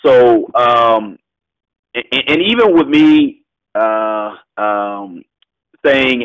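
A man coaching a student over a call on real estate, casual and loose, often laughing and acting out quick phone exchanges. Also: medium pitch, lively intonation, a bit bright, clean tone, low-quality recording. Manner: loose, laughing, quick bursts of role-played phone talk.

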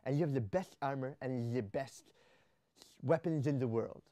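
A man putting on a self-important teenage boy running his own made-up fantasy game, slurping through his teeth as he bosses the players around. He has a mellow, low-lit voice that sits at an everyday pitch, and the sound is dry and close. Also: moderate pace, dry recording, close to an everyday voice. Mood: bossy. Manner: slurping through teeth, tongue pulled back.

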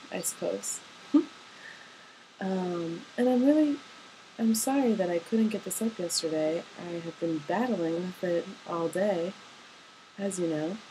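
A woman's voice: fairly low pitch, a little mellow, slight background noise, poor audio. A young woman, a college student, records a rambling, tender voice message to her partner, full of ums and hesitations. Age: young adult.

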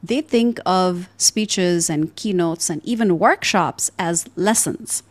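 A woman's voice: fairly low pitch, takes it slowly. A woman hosting an interview podcast as a public speaking coach, reflecting on her own experiences. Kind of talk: conversational interview.

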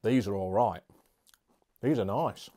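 A man's voice: fairly low pitch, a little slow, warm tone. A man reviewing beer and snacks in a casual, chatty, jokey vlog with rambling asides.

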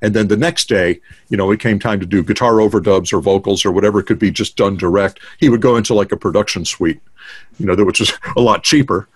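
Older man with a low voice. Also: quick pace, breathy edge, no echo. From United States. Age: 60s. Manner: rambling, many fillers and restarts. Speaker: guest drummer. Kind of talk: casual storytelling interview. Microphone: video call.

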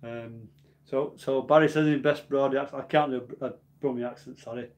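A man in his forties chats casually on a live stream, with a voice sitting at an ordinary middle pitch. He rambles from one thought to the next and answers viewer comments along the way, in a relaxed, homely tone. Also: fairly quick. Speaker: homebrew channel host.

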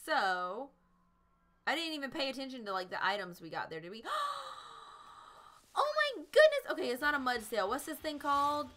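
A woman's voice: high voice, lively intonation, fairly quick, pushed and bright, soft background music. Bubbly woman streaming a game. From South Carolina. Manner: bubbly, giggly, chatty with chat. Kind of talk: live gameplay commentary.

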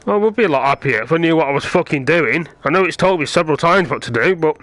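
A man, playing a VR game and muttering frustrated, swear-filled commentary that breaks into yelling. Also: on the high side, expressive, fast, no room sound. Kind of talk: let's play commentary.

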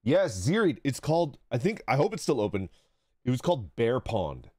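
A man's voice: medium pitch, big pitch swings, moderate pace, warm tone, husky, no echo, clean studio sound. A young man chatting casually on a livestream, swearing freely and reading chat aloud. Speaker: streamer. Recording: background music.

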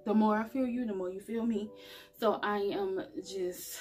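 A woman's voice: mid-range voice, steady tone, normal speed, darkish tone. A woman talking straight to her viewers in a casual, earnest motivational vlog about spirituality. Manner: earnest, chatty, addresses viewers directly. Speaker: spiritual vlogger. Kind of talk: casual motivational talk to camera.

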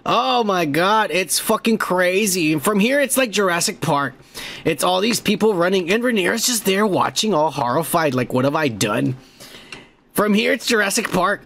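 A young man hosting a podcast, rambling and swearing excitedly as he reviews a show episode. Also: sits high, gravelly. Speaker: podcast host. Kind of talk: casual profane show review.

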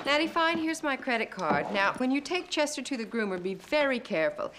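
A woman's voice: high voice, sing-song, fairly quick, a bit bright. An actress playing an acid-tongued, condescending businesswoman. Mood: snippy. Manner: snippy, condescending. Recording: noisy sitcom soundtrack.

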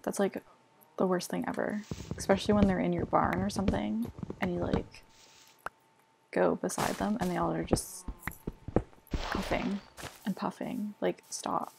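Chatty young woman with a gravelly voice. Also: mid-range voice, fairly even intonation, normal speed, long pauses. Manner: chatty, self-mocking, lots of fillers like "like" and "literally". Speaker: gaming vlogger. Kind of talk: casual gameplay commentary. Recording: noisy home recording.

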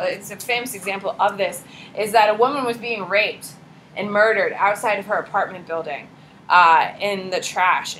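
A woman's voice: medium pitch, a little hiss or hum, poor audio. A woman in her thirties, a teacher giving a chatty classroom lecture and quizzing her students. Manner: lively, chatty, asks the class questions.

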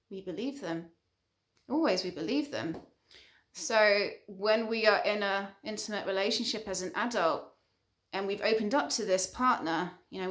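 A relationship counselor delivers an earnest advice monologue, building her points through repeated short lists. Her voice is mid-range and a little bright.

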